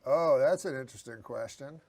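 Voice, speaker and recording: Dry, deadpan talk show host, gravelly. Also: male voice, brisk. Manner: dry, understated, low-key. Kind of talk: casual talk show chat.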